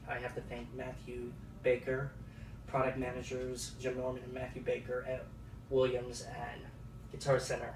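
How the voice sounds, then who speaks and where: Excited man filming at home. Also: medium pitch. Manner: excited and emotional, halting with fillers. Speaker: vlogger unboxing a piano. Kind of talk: casual home video vlog. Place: at home by the front door. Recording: echoey, distant, noisy with passing traffic.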